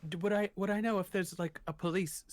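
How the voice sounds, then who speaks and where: A man's voice: high-pitched, fairly even intonation, a little fast, a little mellow, no room sound. Hesitant man playing a tabletop game. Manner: hesitant, stammering. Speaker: player.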